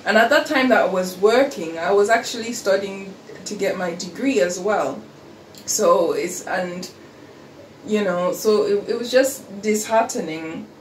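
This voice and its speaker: A woman from Australia with a Nigerian accent, talking in a casual conversation with many halting restarts. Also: mid-range voice. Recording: roomy echo, distant mic, faint noise.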